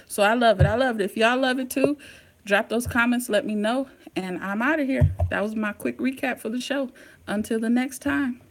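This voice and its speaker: A woman hosting a casual live-stream recap, talking straight to her viewers in an excitable, slangy way. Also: mid-range voice, vocal fry, a little hiss or hum. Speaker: TV recap host.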